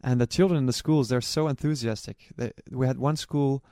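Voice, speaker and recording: A man's voice: mid-range voice, fairly even intonation, fairly quick, dry recording. Earnest man recalling travels, dry sound. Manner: warm, earnest storytelling with frequent restarts. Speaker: charity relay runner and organizer. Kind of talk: personal recollection to camera.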